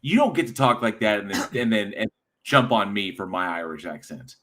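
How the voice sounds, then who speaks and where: A man's voice: fairly low pitch, animated, a little fast, sharp tone. A man co-hosting a casual chat, teasing his co-host and swearing freely. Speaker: podcast co-host. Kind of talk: casual banter.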